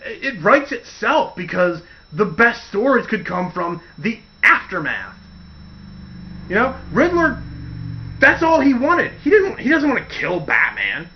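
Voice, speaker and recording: Man, casual podcast host, rambling storyteller, slightly high voice, dull lo-fi audio. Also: wildly swooping pitch, unhurried, a little hiss or hum. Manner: rambling storyteller acting out quotes. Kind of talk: casual chat.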